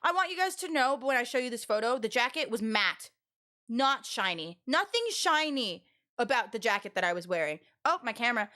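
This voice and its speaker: A young woman streamer chats with her viewers in a high, bright voice. She tells stories with lots of animation, breaking into laughter and tripping over her own restarts. It is casual and spoken straight to chat. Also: animated, brisk.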